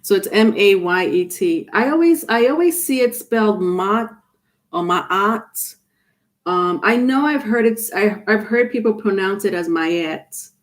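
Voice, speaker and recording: A woman's voice: mid-range voice, a little slow. A woman doing a live-stream tarot reading, chatting casually and reading viewer comments aloud. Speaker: tarot reader.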